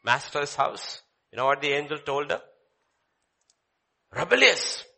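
A man preaching a sermon, dramatic, swinging between loud declaiming and hushed low lines.

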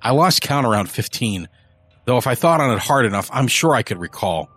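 A man's voice: medium pitch, expressive, fairly quick, fairly bright tone, husky, faint music behind. A man voicing an arrogant, cruel rich young heir with a quavering voice that turns boastful and callous. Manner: pleading, quavering, then boastful.

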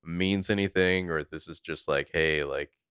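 A man with a very low voice talks through a TV episode in a relaxed, chatty way. He quotes lines from the scenes as he goes and swears casually. The sound is dry and close, with no room around it. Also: smooth, no room sound. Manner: laid-back, recounting scenes with quick quoted lines and swearing. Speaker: podcast co-host recapping a TV episode. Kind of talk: casual chat.

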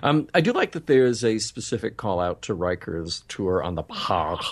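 A man co-hosting a podcast in casual chat, deadpan and dry, halting with fillers. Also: fairly low pitch. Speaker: podcast co-host.

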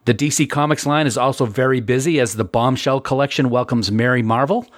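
A man's voice: medium pitch, fairly quick, no room sound. A man co-hosting a podcast, reading sponsor news and introducing a guest with playful enthusiasm. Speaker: podcast co-host. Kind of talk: casual podcast chat.

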